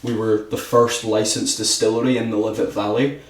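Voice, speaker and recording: An eager Scottish man explains whisky on a podcast in a low voice. He sits a little back from the mic, and the room echoes around him. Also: little pitch movement, fairly quick, far from the mic. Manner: enthusiastic, talks with his hands, says "absolutely" often. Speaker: distillery ambassador guest. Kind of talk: podcast conversation. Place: podcast studio.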